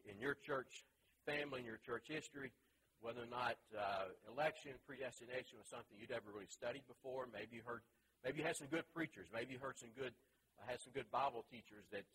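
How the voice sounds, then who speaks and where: A man leads a church Bible class, his voice sitting in the middle of the usual pitch range. He talks in a loose, chatty way, telling a story with plenty of asides and fillers. Faint room ambience can be heard behind him. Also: a bit bright, a little hiss or hum, rough recording. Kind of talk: casual teaching talk.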